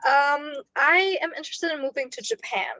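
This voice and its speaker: A young woman from Germany, asking a quick and friendly question from the audience. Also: high voice, sharp tone, no room sound. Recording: muffled, dry lo-fi sound.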